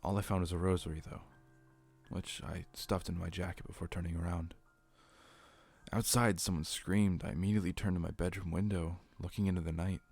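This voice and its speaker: A man narrates a horror story in a low, steady voice. His reading is earnest and even, with faint music playing underneath. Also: a little fast, gravelly, dry recording.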